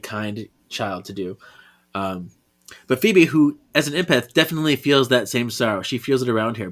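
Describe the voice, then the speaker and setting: A man co-hosting a podcast in casual chat, earnest and emotive, his sentences often trailing off softly. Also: mid-range voice. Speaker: podcast co-host. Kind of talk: casual chat, reading a comic aloud.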